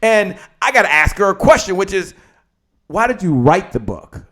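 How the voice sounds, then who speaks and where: A man's voice: sits high, normal speed. Upbeat motivational male host. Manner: energetic, motivational, hypes the audience. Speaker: show host interviewing an author. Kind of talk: live video interview.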